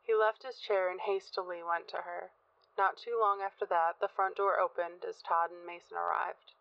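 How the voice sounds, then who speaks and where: A woman reads a first-person horror story aloud at a measured, tense pace. Her voice sits low, and the recording sounds dull, close and dry, with no room echo. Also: fairly even intonation, gravelly. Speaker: narrator. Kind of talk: audiobook narration of a horror story.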